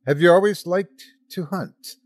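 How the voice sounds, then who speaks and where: A man's voice: high voice, a little slow, a little mellow, no echo, pitched above the performer's own voice. A man voicing a polite, eerie businessman hitchhiker who speaks with a faintly British-sounding lilt and asks probing questions.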